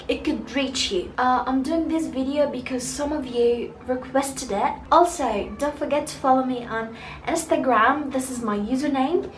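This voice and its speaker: A young woman who grew up speaking chats through a personal story in a high, light voice. She rambles casually with lots of fillers and restarts. The sound is roomy and echoey, with a faint hum of ambience behind her. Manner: chatty, many fillers and restarts. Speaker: vlogger.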